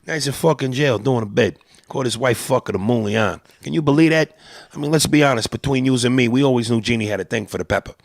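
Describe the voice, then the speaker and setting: A man's voice: mid-range voice, fast talker, creaky, no room sound, clean studio sound, close to an everyday voice. A man voicing a crude, blunt old-school Italian-American man with a New York Italian-American accent, profane and brash. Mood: gossiping. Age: older.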